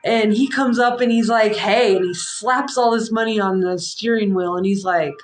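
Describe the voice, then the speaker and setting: A woman in her forties, a psychic livestream host, telling a story in a frank, rambling, animated way with slang. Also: medium pitch, normal speed. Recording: echoey room.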